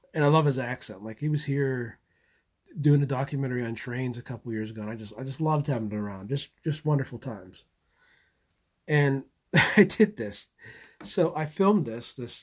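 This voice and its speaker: Halting man talking live to his channel. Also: medium pitch, darkish tone. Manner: halting, repeats words, chuckles often. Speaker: channel host. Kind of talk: casual live monologue.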